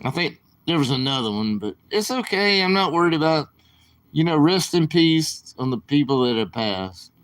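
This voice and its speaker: A man's voice: on the high side, animated, fairly bright tone. A man rambling and apologizing in casual chat on his live stream. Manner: rambling, apologetic, slow-talking.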